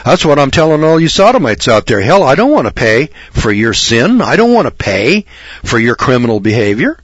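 A man's voice: mid-range voice, sing-song, slightly rough, no room sound. Male preacher, brimstone sermon, blunt, mocking, rambling, dry close sound. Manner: reads scripture slowly and deliberately. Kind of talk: fire-and-brimstone radio sermon.

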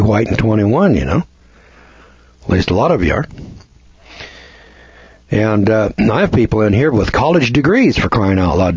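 A man's voice: fairly low pitch, a little mellow, husky, dry recording. A man giving a rambling lecture in a blunt, scornful manner, often restarting his sentences. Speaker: seminar lecturer. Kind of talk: folksy lecture. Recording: dull lo-fi recording.

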